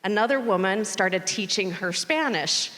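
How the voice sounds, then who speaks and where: A woman's voice: mid-range voice, measured pace. A middle-aged woman giving a conference welcome speech, telling a story and acting out the quoted lines. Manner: storytelling, animated when quoting the robot. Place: conference hall stage. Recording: long reverb of large hall.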